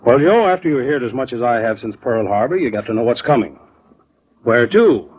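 An actor playing a sardonic, persuasive insurance company owner in a 1940s radio drama. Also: male voice, mid-range voice, expressive, a little fast, husky. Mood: firm. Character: Mister Evans, insurance company owner, sharp-tongued boss. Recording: dull old radio recording.

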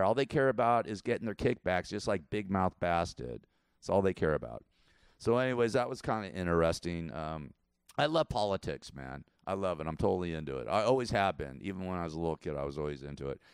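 A man's voice: low-pitched, sing-song, a little fast, clear, resonant tone, dry recording, clean studio sound. A man around sixty hosting his own show, giving casual political commentary in a rambling way, repeating himself and chuckling often. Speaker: show host.

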